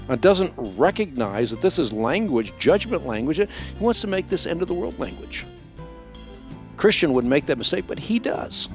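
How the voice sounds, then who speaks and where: A man hosting a radio Bible teaching show, explaining scripture with emphatic, rising stress on key words. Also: a little high.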